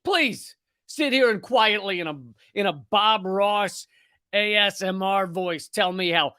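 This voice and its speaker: A man hosting a political comedy livestream, loud and animated, often shouting and slipping into sarcasm. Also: sits high, no room sound, studio quality. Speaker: host.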